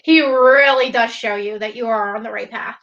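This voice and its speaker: A bright, forceful woman speaks in a fairly high voice, earnest and openly devout as she tells her faith story. The sound comes through as dull, lo-fi stream audio. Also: normal speed. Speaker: guest, former teacher. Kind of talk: casual faith testimony chat.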